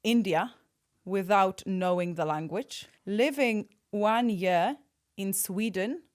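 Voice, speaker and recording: A woman hosting a casual interview, playful and quick with her questions, laughing along with the guest. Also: mid-range voice, a little mellow. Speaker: podcast host.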